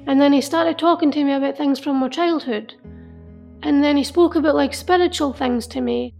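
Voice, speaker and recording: A woman telling an emotional personal story in an earnest, halting way, often repeating herself. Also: high-pitched, creaky. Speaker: interviewee. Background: soft music.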